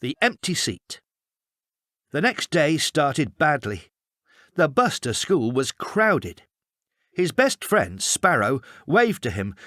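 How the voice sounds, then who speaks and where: A man reading a storybook aloud, slowly and with a lively, swinging pitch. His voice sits a little high for a man and is recorded close and dry, with no room sound. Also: no room sound. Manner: expressive, measured. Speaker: storybook reader. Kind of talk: storybook narration.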